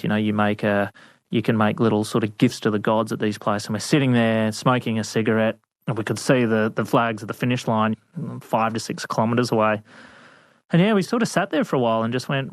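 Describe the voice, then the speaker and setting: A man, a veterinarian being interviewed, telling adventure stories in a casual, animated way with lots of laughs and fillers. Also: mid-range voice, brisk, no room sound. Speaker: guest, veterinarian. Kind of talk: storytelling interview. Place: studio.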